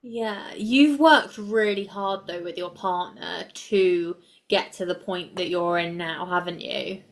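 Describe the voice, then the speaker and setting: A woman's voice: fairly low pitch, slow pace, few pauses. A woman hosting a podcast interview, asking questions in an affirming, encouraging way. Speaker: podcast host. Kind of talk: interview conversation.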